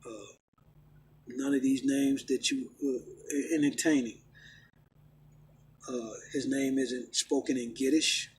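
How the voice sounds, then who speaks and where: A middle-aged man ranting and preaching casually, emphatic and repetitive, swinging from loud outbursts to low, stern talk. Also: fairly even intonation, slow pace, pauses often, poor audio. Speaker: vlogger preaching his faith. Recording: faint background noise.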